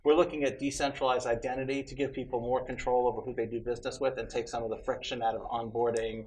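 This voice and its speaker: Relaxed man explaining in an interview. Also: mid-range voice, fast, a little hiss or hum. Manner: relaxed, explanatory, fillers like "you know". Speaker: interview guest, tech executive. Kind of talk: conversational interview. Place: tech conference.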